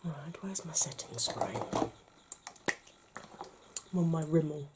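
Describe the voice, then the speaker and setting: A woman's voice: low voice, fairly even intonation, slow, very noisy. A woman from the United Kingdom chatting through a makeup tutorial and often dropping to a whisper as she works. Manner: chatty, often drops to a whisper while working. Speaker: makeup vlogger.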